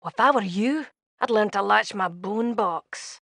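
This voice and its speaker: An actress playing a blunt, sharp-tongued young female tiefling thief with a tail in game dialogue. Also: medium pitch, a little slow, vocal fry, no room sound, clean studio sound. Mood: scornful.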